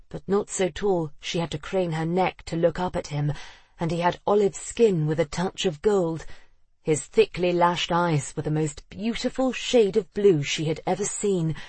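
Husky-voiced audiobook narrator. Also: medium pitch, no room sound. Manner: expressive, acting out the characters. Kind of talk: scripted narration of a period romance novel.

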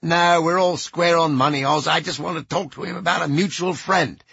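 Guy doing a foul-mouthed grumpy old rocker, husky and raspy, kinda gravelly, pitched up a bit. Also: fairly even intonation, normal speed, a bit bright, no echo, muffled recording, heavily acted. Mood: gruff. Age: older. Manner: profane, blunt, gruff. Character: crude cranky old male ex-rocker.

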